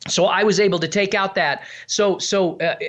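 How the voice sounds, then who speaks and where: A man's voice: high voice, fairly even intonation, normal speed, fairly bright tone. A middle-aged man speaking as a guest over a video call. He rambles casually with lots of restarts and drops into little character voices as he explains. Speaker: ventriloquist guest. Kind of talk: casual interview chat.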